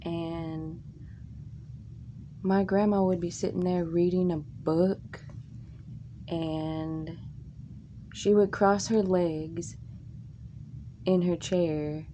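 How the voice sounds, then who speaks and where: A woman from Tennessee telling crude, funny stories from her life in a casual, drawn-out way. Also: steady tone, mellow, lo-fi sound, slight background noise. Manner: slow, drawn-out delivery with crude jokes and squeaky put-on quotes. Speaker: comic storyteller. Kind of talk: casual comic storytelling.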